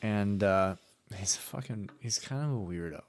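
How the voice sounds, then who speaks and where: A man's voice: lowish voice, unhurried. A young man co-hosting a podcast, telling a rambling anecdote with swearing and laughter. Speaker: podcast co-host. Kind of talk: casual podcast chat.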